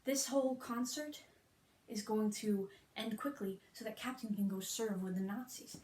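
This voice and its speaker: A woman putting on the voice of a male theatrical showman who announces news in a dramatic, drawn-out way, in an echoey room. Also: medium pitch, darkish tone, recorded from a distance, slight background noise, natural voice. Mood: announcing.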